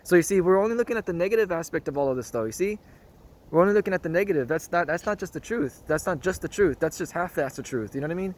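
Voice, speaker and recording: A man's voice: high-pitched, animated, very fast, a little hiss or hum. A man talking through a reflective monologue in an earnest, rambling way, often repeating himself and checking in with "you know what I mean?". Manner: earnest, circles back to one phrase. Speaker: spiritual vlogger.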